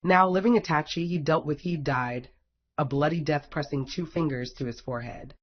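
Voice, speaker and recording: A man's voice: fairly high pitch, moderate pace. A man reading a fan fiction story aloud in a wry, casual storytelling manner. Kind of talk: audiobook narration. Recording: dull lo-fi recording.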